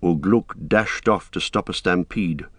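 Low-voiced male audiobook narrator. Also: slightly rough, no echo. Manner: measured, steady storytelling. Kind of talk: scripted narration.

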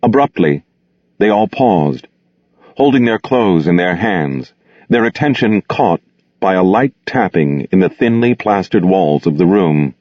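Low, expressive male audiobook narrator. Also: a little slow, no echo, muffled recording.

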